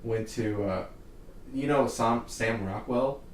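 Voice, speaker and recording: A man's voice: mid-range voice, slow, recorded from a distance. A young man hosting a casual podcast chat, ranting heatedly and with lots of swearing. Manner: heated, profane ranting with laughs. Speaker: podcast host. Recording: roomy echo, off-mic, faint hiss.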